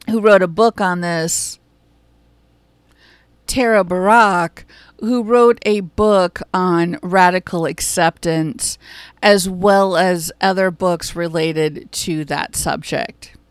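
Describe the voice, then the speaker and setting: A woman hosting a reflective podcast, talking slowly and unhurriedly. Her voice has a gravelly, fry-laden edge, and the sound is dry and close. She stays calm, measured and reassuring throughout. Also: on the low side, dry recording. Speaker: podcast host. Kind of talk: reflective solo podcast talk.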